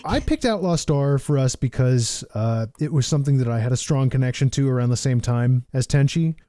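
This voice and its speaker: A man's voice: medium pitch, fairly quick, mellow, no room sound, studio quality. A man hosting a casual podcast chat, playful, laughing often and sometimes losing his thread mid-sentence. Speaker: podcast host.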